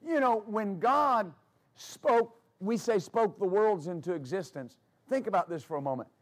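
A man's voice: high voice, animated, unhurried. A man preaching a sermon as pastor, with emphatic repetition and storytelling asides.

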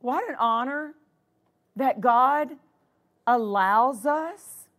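A woman's voice: high voice, animated, extremely slow, a bit bright. A woman pastor preaching a sermon in a church, punctuating her points with exclamations of praise. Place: church sanctuary.

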